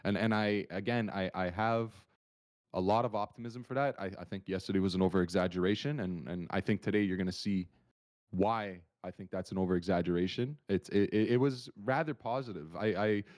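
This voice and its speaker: Low-voiced man, animated streamer talk. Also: brisk. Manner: animated, rambling, many restarts. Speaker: market analyst stream co-host. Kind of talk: casual livestream chat.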